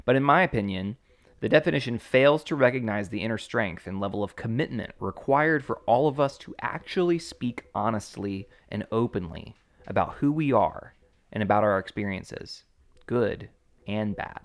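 Excitable man with an animated voice. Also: normal speed. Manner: excitable, jumps into squeaky character voices. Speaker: podcast co-host. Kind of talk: casual podcast chat.

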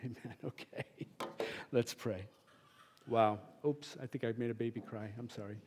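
Delivering a fervent church sermon, this middle-aged pastor speaks at a normal speed with a medium pitch and a breathy edge. His emphatic preaching swells into abrupt loud bursts, then drops to a gentle, hushed prayer.

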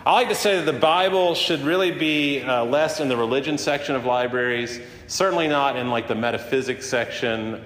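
Man preaching in an echoey hall. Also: fairly bright tone. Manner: conversational, many fillers and restarts. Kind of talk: sermon. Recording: roomy hall with long reverb, faint rumble.

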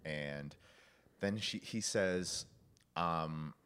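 A very deep-voiced man in a relaxed podcast conversation. He tells stories with energy and often slips into quick impressions of the people he describes. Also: clear, resonant tone. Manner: animated storytelling, acts out quoted lines, laughs often. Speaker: podcast guest discussing film. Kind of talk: casual chat.

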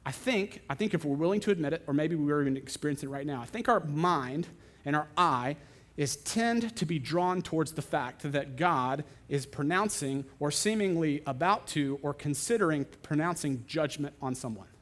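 Man, pastor, sermon, lively storyteller, a bit high-pitched. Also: normal speed. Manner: animated storytelling, acting out other voices.

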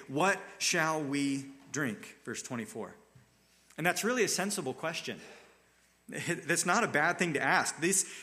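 A man's voice: on the high side, sharp tone. A man preaching a sermon, telling the scripture story in an earnest, dramatic way. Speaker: pastor.

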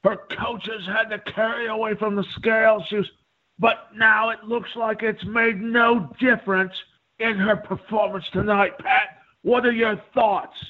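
A man putting on a high-pitched Australian accent to mimic a male fight broadcaster asking an easy interview question, over a phone-like line. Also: flat delivery, unhurried. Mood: eager.

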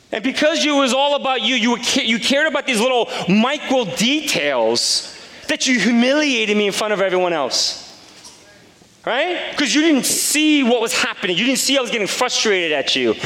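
A man preaching a sermon as a pastor, telling a personal story with animated, acted-out dialogue in a loud voice. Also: extremely high pitch. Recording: long hall reverb.

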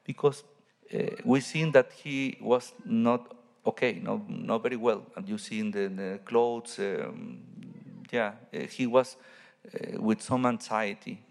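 A man, a Catholic priest, giving a homily in halting English and searching for his words. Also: fairly low pitch, vocal fry, big-room sound.

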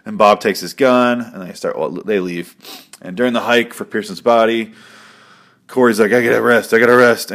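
A man hosting his own show, rambling through a casual recap with swearing and jokes. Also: lowish voice. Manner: rambling, profane and jokey. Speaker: podcast host.

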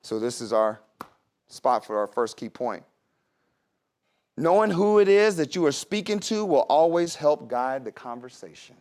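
A man's voice: a little high, sing-song, measured pace, a little mellow. A man preaching a sermon in a conversational way, with laughs and asides to the congregation. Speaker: pastor.

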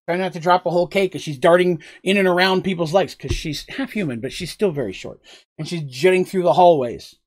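A man narrating a tabletop role-playing game as game master, in a loose, rambling way with frequent asides. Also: sits high.

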